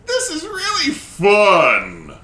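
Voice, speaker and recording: A man voicing a spoiled little demon boy, a prince of Hell, in a high, sing-song childish whine. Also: wildly swooping pitch, drawn-out words, crowd noise, full character voice. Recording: echoey room with faint noise.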